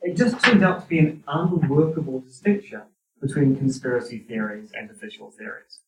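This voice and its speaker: A man's voice: mid-range voice, big pitch swings, normal speed, crowd noise. A man with a New Zealand accent giving a university lecture, with a wry, dry sense of humor. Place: lecture hall. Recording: roomy hall, distant mic.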